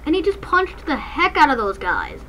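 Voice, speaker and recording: On a low-quality recording with a bit of hiss or hum, a woman hosts a let's-play for her gaming channel at night in a dark room. Her voice is high and her speed normal as she delivers excitable, playful commentary and breaks into song now and then.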